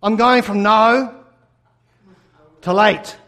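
A pastor telling a personal story in a sermon, animated and acting out his own replies. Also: high-pitched, very slow.

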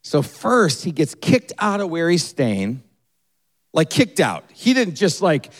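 A man preaching a sermon, retelling a story and acting out its people with quick changes in his voice. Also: fairly high pitch. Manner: animated, acts out the people in the story with quick shifts in voice. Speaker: pastor.

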